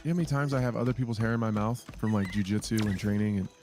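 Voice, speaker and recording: A man's voice: lowish voice, racing, a little mellow, faint music behind. A man, a martial arts fighter, telling blunt, profane stories in a casual podcast chat.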